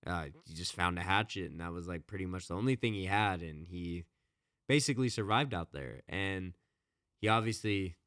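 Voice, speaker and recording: A man with a very low voice chats loosely on a podcast, circling back with "you know" and "like" as he retells a story. The sound is close and dry, with no room around it. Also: moderate pace, a bit bright, smooth, dry recording. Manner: rambling, many fillers and restarts. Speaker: podcast co-host. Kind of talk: casual chat retelling a book.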